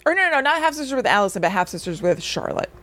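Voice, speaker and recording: A young woman co-hosts a relaxed podcast, walking her partner through a twisty plot in an eager, rambling way. Her voice sits at an ordinary middle pitch for a woman, neither high nor low. She talks casually and acts out snippets of dialogue as she goes. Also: racing. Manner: animated plot recap with acted-out quotes. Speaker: podcast co-host. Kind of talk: casual chat.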